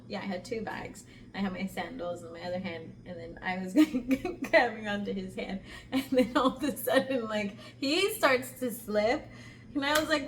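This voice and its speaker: A woman's voice: mid-range voice, far from the mic, a little hiss or hum. Laughing woman telling a story. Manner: animated, laughs often, lots of "like". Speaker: spiritual vlogger. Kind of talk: casual storytelling.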